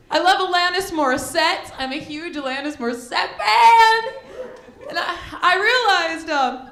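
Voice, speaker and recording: Slow, bright stand-up woman in echoey club. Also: high-pitched. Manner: drawn-out mocking impressions, sings parodies. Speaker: stand-up comedian. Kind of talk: stand-up set. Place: comedy club stage.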